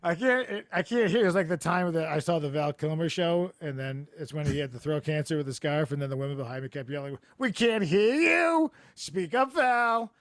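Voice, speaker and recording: A man hosting a comedy podcast over a video call, telling rambling stories with deadpan absurd jokes. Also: fairly high pitch, fast, few pauses, no echo, clean studio sound. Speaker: podcast host. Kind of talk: casual comedic chat. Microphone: remote video call.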